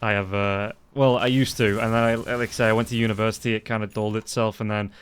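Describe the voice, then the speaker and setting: A man casting an esports match with play-by-play commentary, his voice rising quickly as the fights heat up. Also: fairly low pitch, clear, resonant tone. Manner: rapid, rising excitement during fights. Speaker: esports caster.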